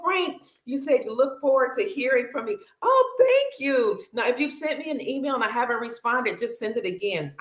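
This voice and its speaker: Bubbly lady host chatting w/ viewers, calls everyone honey n sister, talks kinda high, roomy echo. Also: fairly bright tone. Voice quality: long-winded and bubbly. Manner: effusive and affectionate, calls viewers honey, sister, brother and family. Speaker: livestream host. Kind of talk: casual livestream chat reading viewer comments.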